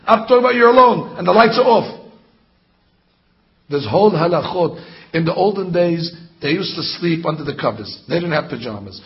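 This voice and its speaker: A man giving a rabbi's sermon to a congregation, talking in an animated way and firing off mocking rhetorical questions. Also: a little high. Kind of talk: Torah class sermon. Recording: dull lo-fi sound.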